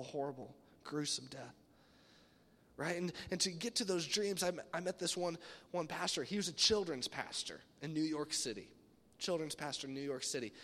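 A man preaching a casual sermon, rambling a little and acting out lively quotes. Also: fairly high pitch, long reverb tail. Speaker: pastor.

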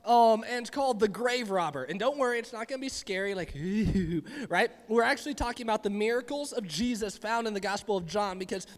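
A man with a notably high voice delivers a relaxed youth sermon, full of jokes and rambling asides to his audience. The hall around him rings with long reverb. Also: quick pace, few pauses. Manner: chatty, joking, rambling asides. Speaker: youth pastor. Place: church hall with live audience.

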